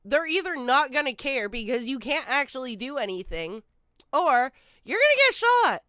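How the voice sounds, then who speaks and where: A woman's voice: sits high, very animated, moderate pace, sharp tone, no echo. A woman streaming live, reacting to a video with blunt, profane, sarcastic commentary into a close mic.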